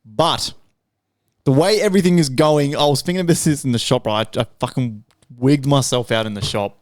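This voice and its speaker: Bloke co-host, crude, animated, swears constantly; dry close mic. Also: male voice, mid-range voice, a little fast, no room sound. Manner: crude, heavy swearing, animated storytelling with laughs. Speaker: podcast co-host. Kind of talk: casual chat.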